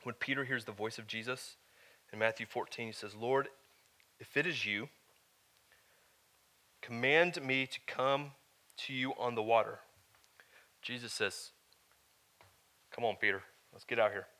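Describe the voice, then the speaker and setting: A man preaching as a pastor, moving from loud, emphatic lines to quieter, earnest teaching and asking his listeners "all right?". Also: medium pitch, measured pace, long pauses. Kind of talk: sermon.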